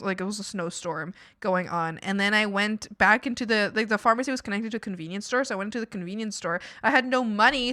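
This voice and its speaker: A woman's voice: on the high side, bright, forceful tone, dry recording, studio quality. A young woman streamer telling a rambling story in casual chat, with lots of fillers and laughter. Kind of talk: casual storytelling while drawing.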